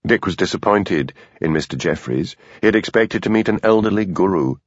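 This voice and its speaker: A man narrating an audiobook in a measured, expressive reading. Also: deep voice, no room sound. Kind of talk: scripted narration. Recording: dull lo-fi dry studio recording.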